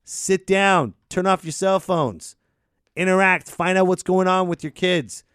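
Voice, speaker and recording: A man hosting a podcast, ranting sarcastically and swinging between loud and muttered. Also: high-pitched, unhurried, clean tone, no echo, studio quality. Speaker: podcast host. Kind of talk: casual ranting chat.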